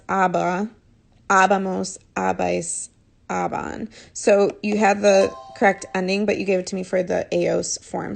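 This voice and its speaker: A woman's voice: mid-range voice, creaky. A woman teaching a live online lesson from her phone, patiently and encouragingly correcting students' answers. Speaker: Spanish teacher.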